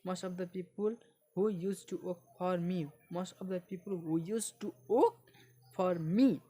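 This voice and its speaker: A woman, not a native English speaker, reading a book aloud in a halting way and repeating phrases for learners. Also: fairly low pitch, warm tone, slightly rough.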